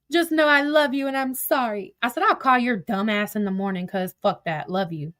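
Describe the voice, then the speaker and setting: A woman's voice: on the high side, measured pace, fairly bright tone, no echo, clean studio sound. A woman telling a story in a casual way, reading out old text messages with blunt, profane asides. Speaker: commentator recounting drama.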